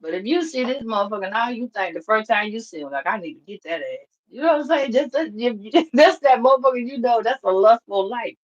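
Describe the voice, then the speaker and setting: A woman giving a casual spiritual reading, blunt, profane and animated, laughing often. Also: on the high side, fairly quick, few pauses, highs cut off. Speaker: tarot reader.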